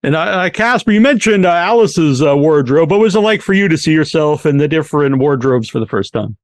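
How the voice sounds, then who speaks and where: Podcast host from massachusetts, high for a guy, dry sound, halting uh-filled questions. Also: expressive, no echo. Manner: hesitant questioner, many uhs. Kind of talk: interview questions.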